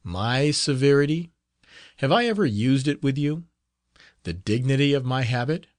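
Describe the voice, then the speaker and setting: A man's voice: medium pitch, animated, normal speed, no room sound, clean studio sound, pitched above the performer's own voice, close to an everyday voice. A man voicing a middle-aged friar in an audiobook, speaking in an earnest, fatherly, reassuring manner. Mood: tender. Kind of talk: audiobook character reading.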